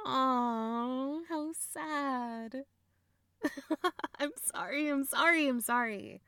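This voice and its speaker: A woman's voice: medium pitch, animated, slow, no echo. A young woman playing a blunt, teasing older sister in an audio role-play, swearing freely and laughing often. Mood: amused disbelief.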